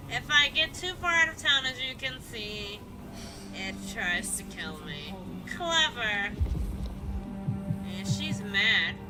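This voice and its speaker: Woman streamer, high voice, unhurried playful commentary, game music behind. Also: poor audio. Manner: playful, chatty, swears freely, muttering asides. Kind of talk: casual gameplay commentary.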